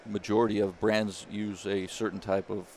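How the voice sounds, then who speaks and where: A man, a former caddie turned business founder, telling a lively story in an interview and acting out the people he quotes. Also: fairly low pitch, moderate pace, slight background noise. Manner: animated storyteller, acts out quoted voices.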